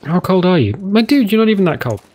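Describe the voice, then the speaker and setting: Animated, chatty male gamer. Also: high voice, quick pace, slightly rough. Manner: chatty, jokey, rambling asides. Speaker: let's play host. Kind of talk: casual gameplay commentary.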